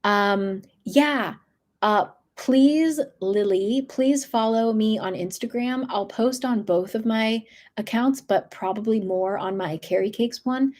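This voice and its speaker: A woman's voice: on the high side, slow, a little mellow. A young woman hosting a book channel livestream from her room, chatting casually and meandering with lots of fillers.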